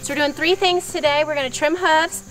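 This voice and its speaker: A woman's voice: high voice, fairly even intonation, brisk, fairly bright tone, faint music behind, rough recording. A woman vlogger giving a practical step-by-step how-to talk outdoors on a farm. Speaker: homesteading vlogger. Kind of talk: casual how-to explanation.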